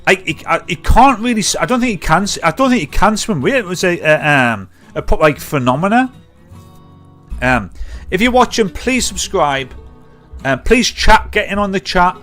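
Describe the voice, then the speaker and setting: A man's voice: sits high, sing-song, moderate pace, a bit bright, faint music behind. A middle-aged man, hosting a live-stream show in a rambling, sweary, blunt way. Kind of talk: casual live-stream rant.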